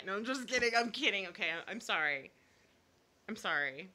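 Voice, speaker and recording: A woman's voice: lowish voice, big pitch swings, a little fast, pushed and bright. A woman YouTuber in casual live chat, reading viewer comments and giving blunt opinions, laughing often and apologizing half-jokingly.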